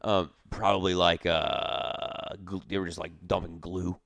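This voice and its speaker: A very deep, gravelly male voice, recorded dry and close. He jokes around in casual podcast chat, deadpan and goofy. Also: measured pace, no echo. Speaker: podcast co-host.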